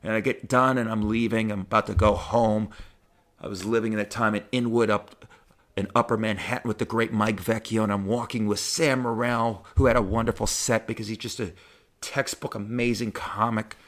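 A middle-aged man, a stand-up comedian, telling personal stories in a profane, heartfelt, animated way. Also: on the low side, moderate pace. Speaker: stand-up comedian, podcast host. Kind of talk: personal storytelling monologue.

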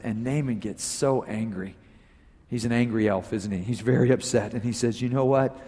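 A man preaching a sermon as pastor, telling a story with animated emphasis, his voice swinging from loud peaks to low asides. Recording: long reverb of a large hall.

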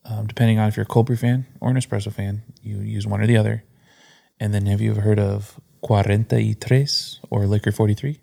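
A man's voice: lowish voice, level tone, a little fast, gravelly, mellow. A man chatting casually as a guest on a podcast, telling stories about coffee and cocktails.

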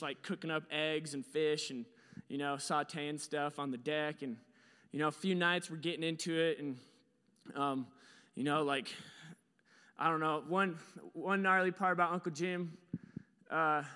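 A man's voice: fairly high pitch, pushed and bright, clear, resonant tone, long reverb tail. A young man telling a story with slides in a casual, rambling way. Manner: casual, rambling, lots of fillers.

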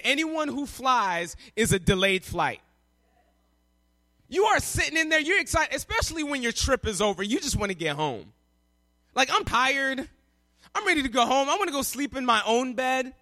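A young man preaching a sermon, telling a story in an animated way and acting out the people in it. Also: very high-pitched. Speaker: pastor.

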